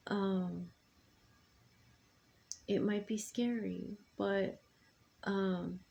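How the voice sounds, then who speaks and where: A middle-aged woman speaking to her sons in a rambling, halting personal monologue full of ums and restarts. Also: mid-range voice, dark tone. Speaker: mother addressing her sons.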